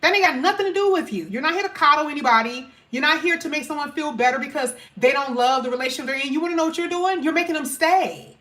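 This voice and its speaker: A woman's voice: high-pitched, fast, hardly any pauses, sharp tone. A woman giving a casual, chatty tarot reading to her viewers, emphatic and full of casual slang. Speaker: tarot reader.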